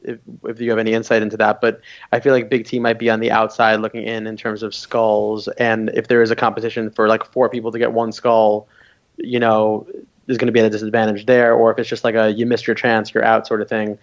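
A man's voice: lowish voice, monotone, fast, muffled recording. A man co-hosting a podcast, chatting casually and hesitantly with stumbling restarts. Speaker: podcast co-host. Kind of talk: casual chat about a reality show.

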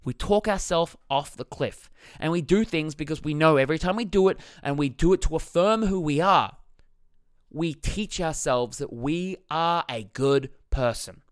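A man's voice: a little high, moderate pace, smooth, no room sound, clean studio sound. A man talking as a life coach in a motivational self-help talk, blunt and jokey, swearing freely.

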